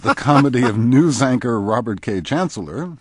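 A man hosting a radio interview, asking measured questions. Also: medium pitch, lively intonation, breathy edge, dry recording, clean studio sound. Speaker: radio host.

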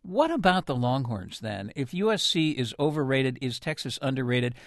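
A man hosting a public radio news interview from a studio, asking brisk, lightly wry questions. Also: medium pitch, very animated, no echo. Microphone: studio mic.

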